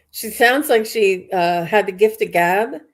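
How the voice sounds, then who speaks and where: A woman's voice: medium pitch, expressive, slow pace. A woman hosting a live psychic reading, talking in a chatty, rambling way with many fillers and restarts. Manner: chatty, filler-heavy, restarts mid-sentence. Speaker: psychic medium host.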